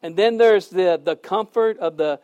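This middle-aged pastor's sermon is conversational and story-driven, marked by sudden jumps in volume and phrases said again for emphasis. His voice sits high and is clear and resonant at a moderate pace, though the highs are cut off.

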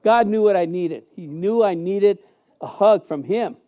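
A man preaching a sermon as pastor in a church sanctuary, emphatic and animated, with many fillers and restarts. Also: sits high, measured pace, highs cut off.

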